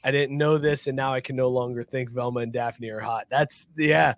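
A man's voice: mid-range voice, steady tone, moderate pace, no room sound. A man hosting a casual sports podcast, talking in a loose, profane, rambling way. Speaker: podcast host.

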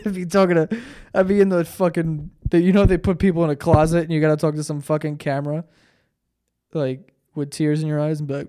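A young man alone on his podcast, ranting in an exasperated, profane way and slipping into mocking impressions. His voice sits a little on the high side for a man. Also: steady tone, brisk, mellow. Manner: profane, exasperated, mocks people in put-on voices. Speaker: podcast host. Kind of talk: solo comedic podcast rant with ad read.

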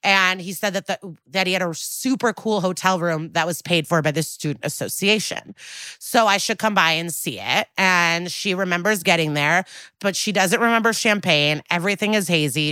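A woman co-hosting a podcast, recapping a TV episode in casual chat, animated and blunt, with laughs and asides. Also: lowish voice, a little fast, smooth, no room sound. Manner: blunt and outspoken. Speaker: podcast co-host.

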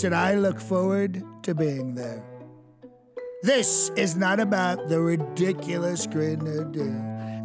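A performer reading out a boastful politician's posts in his voice, slow and pompous, with music underneath. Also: mid-range voice, lightly acted. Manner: slow, pompous, self-congratulatory.

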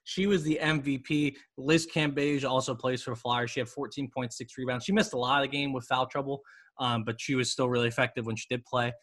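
A man's voice: medium pitch, level tone, brisk, a bit bright. A man hosting a women's basketball podcast, reading ads and chatting casually with jokes and rambling asides. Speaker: podcast host. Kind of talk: casual sports podcast talk and ad reads.

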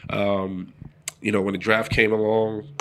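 Middle-aged guy telling a big story, lowish voice, jumps into other people's voices as he goes. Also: a little slow, slight background noise. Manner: animated storyteller acting out quoted voices. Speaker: former pro football player, guest. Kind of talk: casual storytelling interview.

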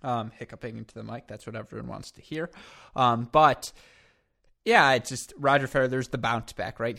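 A man's voice: medium pitch, vocal fry, fairly bright tone. Man reeling off tennis scores. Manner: chatty, reels off scores and head-to-heads. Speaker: tennis podcast host. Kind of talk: casual sports chat with stats.

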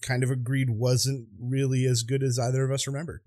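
Animated male podcast co-host. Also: medium pitch, fairly quick, no echo, clean studio sound. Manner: animated storyteller, acts out voices in anecdotes. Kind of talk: casual podcast chat.

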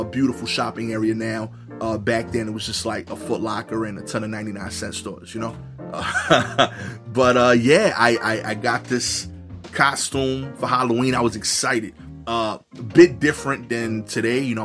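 A man's voice: mid-range voice, level tone, normal speed, a bit bright, faint music behind. A man, telling a funny personal story in a conversational way, full of wry asides. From New York. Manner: conversational, many "you know" fillers, wry asides.

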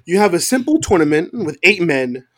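A man on a wrestling podcast, venting with exasperation about the show's booking. His voice sits a bit high for a man and moves a lot, and it is recorded dry and up close. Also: big pitch swings, moderate pace, dry recording. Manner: exasperated ranting critic. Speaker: podcast co-host. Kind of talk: casual wrestling opinion chat.

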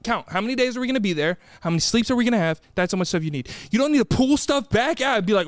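A man's voice: high-pitched, lively intonation, very fast, hardly any pauses, no echo, studio quality. A young American man co-hosting a podcast in casual chat, playful and laughing through a mock confession. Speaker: podcast co-host.

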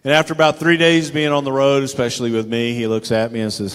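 A man's voice: mid-range voice, little pitch movement, fast, clear, resonant tone, big-room sound. An older man telling a rambling, profane anecdote in a casual chat, acting out the voices of the people he quotes. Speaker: storyteller guest.

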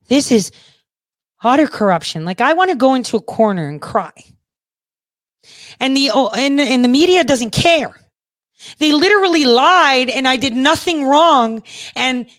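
A woman's voice: a little high, no echo, clean studio sound. A woman running for office, indignantly reading legal text aloud and swearing as she rants. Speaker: political candidate. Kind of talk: ranting video commentary.

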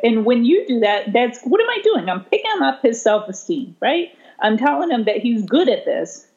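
A woman special education teacher telling a story in conversation, animated, laughing often and voicing the people she quotes. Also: a little high, normal speed, hardly any pauses. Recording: slightly dull lo-fi sound.

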